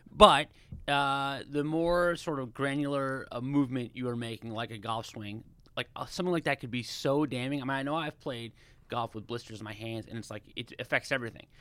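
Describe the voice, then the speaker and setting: A man's voice: medium pitch, a little fast, fairly bright tone, smooth, no echo. A man co-hosting a podcast in casual studio chat, analytical and talking things through at length. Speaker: podcast co-host.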